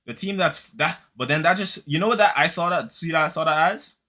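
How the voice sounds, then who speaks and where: A man in a heated football reaction rant, speaking in street slang with a mocking edge. His voice is sharp and forceful and sits a little high. He keeps circling back to the same lines to hammer his point home. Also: fairly quick. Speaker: football fan commentator. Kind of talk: reaction commentary.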